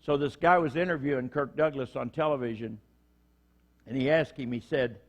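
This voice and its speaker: Middle-aged male preacher, conversational sermon delivery, average pitch, acts out quotes. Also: normal speed. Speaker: prison minister preaching.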